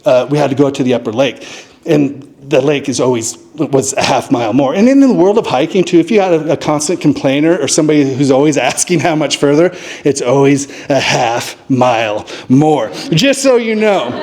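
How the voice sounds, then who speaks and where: A man from Montana telling a comic story at a live show, acting out what people said in sudden raised voices. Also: moderate pace. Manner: animated, acts out quotes with sudden high-pitched voices. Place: distillery stage before a live audience.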